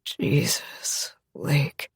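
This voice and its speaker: A woman voicing a tender young man in a low, whispered murmur, a whispered role-play. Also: lively intonation, unhurried, darkish tone, breathy edge, no echo, clean studio sound, heavily acted.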